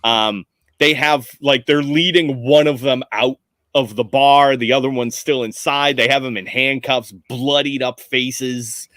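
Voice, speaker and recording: A man's voice: medium pitch, fairly even intonation, measured pace, a bit bright, dry recording. A man running a tabletop game as game master, narrating scenes loosely with many fillers.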